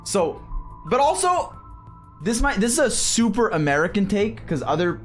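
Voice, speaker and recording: Young man, casual stream chat, high-pitched, animated, faint background music. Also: normal speed. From Canada. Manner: rambling, swearing, animated storytelling.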